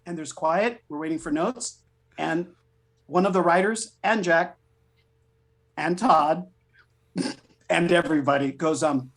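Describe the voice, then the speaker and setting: A middle-aged man, a voice actor, telling stories as a guest in a casual interview, animated and chatty, swearing freely. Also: on the high side, unhurried, pauses often.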